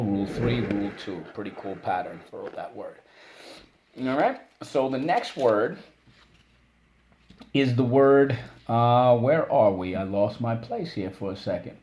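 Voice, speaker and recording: A man's voice: lowish voice, a little mellow, a little hiss or hum. A man teaching a spelling and phonics lesson, encouraging and repeating each word for students to say back.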